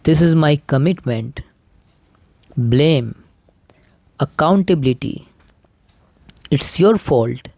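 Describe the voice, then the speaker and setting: Male voice for a slow vocabulary lesson, gravelly tone, dry close sound. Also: on the high side, lively intonation, a little mellow, no room sound. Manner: measured, deliberate, pausing between each phrase. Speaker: vocabulary teacher. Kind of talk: slow scripted word-list reading.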